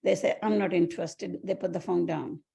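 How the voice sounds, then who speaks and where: A woman's voice: fairly low pitch, fairly even intonation, normal speed, creaky, dark tone, breathy edge. A woman real estate agent on a coaching call, talking in a hesitant, plain way.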